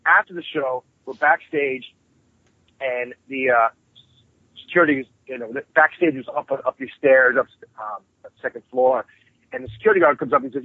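Man with a husky voice on a tinny phone line. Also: mid-range voice, moderate pace, no echo. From New York. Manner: profane, rambling, animated storyteller. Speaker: guest musician. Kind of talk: casual storytelling interview.

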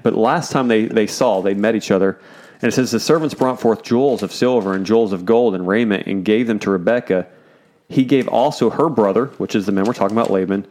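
A man's voice: fairly low pitch, a little mellow. A man casually teaching through a Bible chapter, joking and paraphrasing in laid-back slang.

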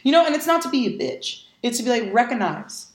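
A woman's voice: fairly high pitch, lively intonation, fairly quick, reverberant. A woman talking candidly in a casual podcast conversation, speaking emphatically and swearing bluntly as she makes her points. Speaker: podcast guest.

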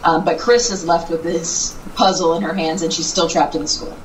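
Casual female player, low voice, slightly distant pickup with faint hiss. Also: level tone, moderate pace. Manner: chatty, explains her character's actions. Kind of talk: casual role-play chat.

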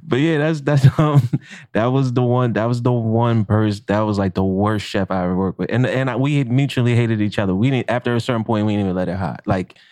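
Low-voiced man telling a kitchen story. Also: brisk, dry recording. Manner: animated, profane, acts out quotes with laughs. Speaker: chef and podcast co-host. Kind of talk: casual podcast storytelling.

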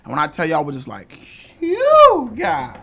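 A young man in casual chat, rambling through stories, swearing freely and quick to laugh. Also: fairly high pitch, creaky, a bit bright.

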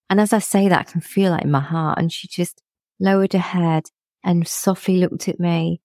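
A woman's voice: fairly low pitch, fairly quick, gravelly, a little mellow, no room sound, clean studio sound. A middle-aged woman, a podcast guest, talking in a reflective, casual way and often laughing as she speaks. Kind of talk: casual conversational chat.

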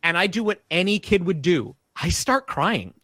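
A middle-aged man tells a long story in casual podcast chat. His voice is high and swings widely, and it has a bright, forceful edge. He talks in animated bursts with many restarts, recorded close and dry. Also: normal speed, no echo. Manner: animated, breathless, lots of restarts and self-quotes. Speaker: guest storyteller.

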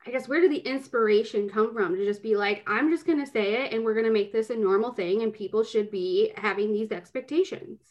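A woman's voice: fairly high pitch, brisk, hardly any pauses, a little mellow. A woman co-hosting a casual podcast, chatty and rambling, with plenty of filler words as she asks questions. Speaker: podcast co-host.

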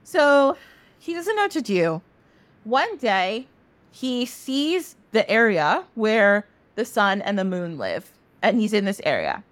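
A woman podcast host retelling a myth in a casual, animated way, swearing freely. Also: mid-range voice, slow, no echo.

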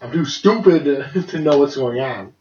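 A man's voice: mid-range voice, lively intonation, normal speed, darkish tone, slight background noise. Young man rambling through a story, roomy lo-fi. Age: young adult. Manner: rambling, laughs often, swears freely. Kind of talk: casual podcast storytelling. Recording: dull lo-fi roomy recording.

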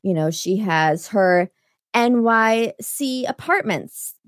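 A woman's voice: mid-range voice, lively intonation, slow, dry recording, clean studio sound. A woman co-hosting a podcast in casual chat, recapping with wry asides. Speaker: podcast co-host.

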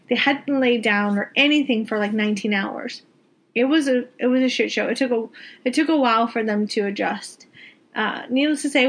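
A woman telling a story casually, exasperated and venting, swearing freely and repeating words for emphasis. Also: on the high side. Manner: animated, emphatic repetition. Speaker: vlogger telling a travel story.

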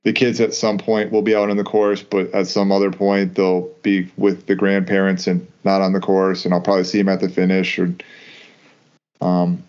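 A man's voice: sits low, completely flat delivery, darkish tone, dull audio. A man co-hosting a podcast in casual chat, talking loosely with lots of "like" and restarts. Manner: loose, halting talk full of "like" and restarts. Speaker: podcast co-host.

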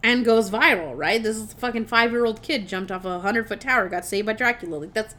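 A young woman casually retelling a movie plot on a podcast, animated and chatty, with lots of fillers and swearing. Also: fairly high pitch, quick pace. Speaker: podcast co-host. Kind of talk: casual film recap.

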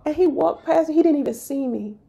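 A woman, hosting a podcast and telling a personal story in an animated, emphatic way. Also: sits high, a little fast, vocal fry. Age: 30s. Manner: animated, emphatic, slips into voicing others. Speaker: podcast host.

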